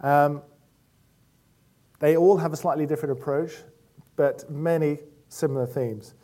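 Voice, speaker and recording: A man's voice: a little high, fairly even intonation, a little slow, mellow. Chatty man giving a church talk. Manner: conversational, anecdotal, with fillers. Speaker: church speaker.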